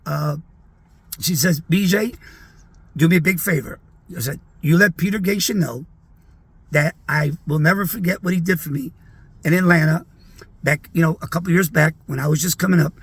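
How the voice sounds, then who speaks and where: A middle-aged man tells an old story in a lively, casual way and slips into the voices of the people in it. His voice sits high for a man, with a gravelly, husky edge. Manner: animated, acts out quoted voices. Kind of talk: casual anecdote.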